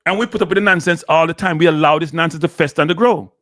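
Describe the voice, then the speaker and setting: Fast, animated Jamaican man, heated scolding commentary, dry, close. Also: a little high, dry recording. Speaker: host.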